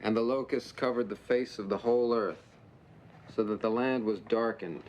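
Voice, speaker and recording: An actor playing a male FBI agent who speaks in a calm, matter-of-fact way. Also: mid-range voice, normal speed, muffled recording, a little hiss or hum, close to an everyday voice.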